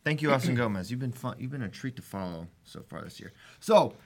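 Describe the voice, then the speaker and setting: This is a man hosting a casual talk show, his voice moving lively up and down as he talks. He sits at a mid pitch, gets animated and laughs often. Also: brisk. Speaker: podcast host. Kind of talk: casual chat.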